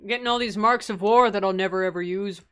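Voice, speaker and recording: A young woman chats her way through a live game stream, answering viewer questions in a loose, rambling way. She laughs often between answers and fills her pauses with ums and asides. Her voice sits at a middle pitch for a woman. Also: fairly bright tone, clear, resonant tone. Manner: rambling, with many fillers and asides. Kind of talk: casual live-stream chat.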